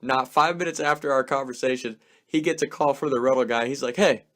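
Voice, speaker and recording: A young man tells a story in a loose, rambling way. His voice sits in an ordinary middle pitch, and he peppers his lines with "like" and casual swearing. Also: fairly even intonation, brisk, fairly bright tone. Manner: swears a lot, fills speech with "like".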